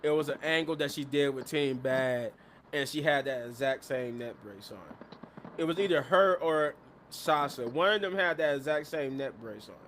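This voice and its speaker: A man hosting a live show, retelling events in a casual, animated recap and acting out the quotes. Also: mid-range voice, normal speed, a little hiss or hum.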